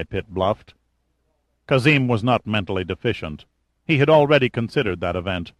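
A man reading an audiobook's narration in an even, measured way. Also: on the low side, dry recording, clean studio sound.

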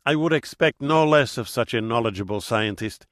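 A man doing a smooth, fawning Spanish-accented gent. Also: mid-range voice, expressive, moderate pace, fairly bright tone, no room sound, studio quality, natural voice. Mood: ingratiating. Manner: ingratiating, overly polite.

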